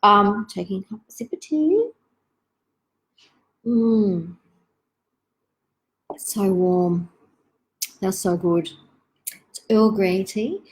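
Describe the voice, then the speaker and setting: A woman, hosting a live online Q&A for parents in a gentle, reflective, chatty way with many asides. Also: medium pitch, lively intonation, extremely slow, long pauses, poor audio.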